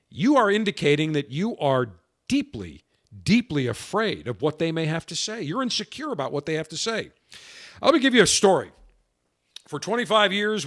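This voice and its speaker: A man's voice: a little high, fairly bright tone. Emphatic, combative middle-aged man. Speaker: radio host. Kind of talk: opinionated political monologue with anecdotes.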